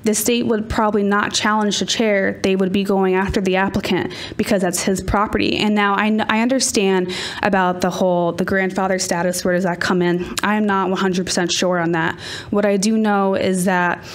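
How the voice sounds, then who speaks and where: A woman, a town official, calmly explaining rules at a public meeting. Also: medium pitch. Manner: measured, explanatory.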